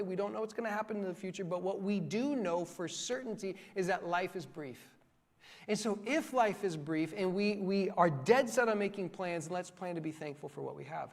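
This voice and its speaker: A young man preaches with a high, bright voice, bouncing between earnest points and playful asides. His words ring out with a long reverb through a church hall. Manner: animated, joking preaching with quick asides. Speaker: pastor. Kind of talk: sermon. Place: church sanctuary.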